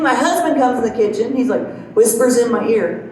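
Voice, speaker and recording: A middle-aged woman does stand-up on a small comedy club stage, telling folksy stories and chuckling at her own jokes. Her voice runs on the high side, animated, fast and a little mellow. She's picked up from afar on a distant mic in a very echoey room with faint noise.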